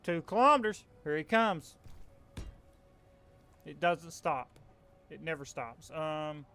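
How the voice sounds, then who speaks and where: A man's voice: a little high, expressive, takes it slowly, pushed and bright, clean tone. A young man with a Southern US accent, casually talking through a survival game and venting his frustration as the channel host. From American South. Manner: frustrated, rambling, self-correcting. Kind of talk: casual gameplay commentary.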